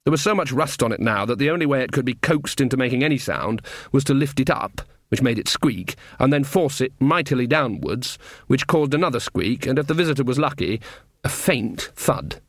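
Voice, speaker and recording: A man's voice: medium pitch, expressive, brisk, dry recording, clean studio sound. Wry male storybook narrator. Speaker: audiobook narrator. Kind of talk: scripted narration.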